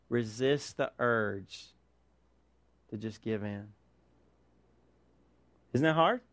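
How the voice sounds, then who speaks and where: A male pastor preaching with a high, lively voice that swoops up and down. He keeps firing rhetorical questions and asking for an amen. The sound is close and dry. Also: dry recording. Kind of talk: sermon.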